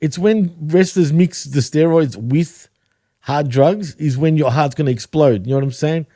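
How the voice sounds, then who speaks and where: An Australian man in loose, profane podcast chat, full of bro and dude and quick laughs. His voice sits a touch high for a man yet sounds mellow and dark. The recording is close and dry, with no room sound. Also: no room sound. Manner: swears often, laughs a lot, says bro and dude. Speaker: podcast co-host. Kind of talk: casual chat.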